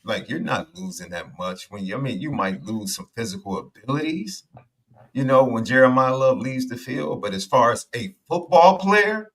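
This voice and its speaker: A man's voice: mid-range voice, lively intonation, normal speed, fairly bright tone. A man on a sports show panel giving casual analysis, using filler words as he talks.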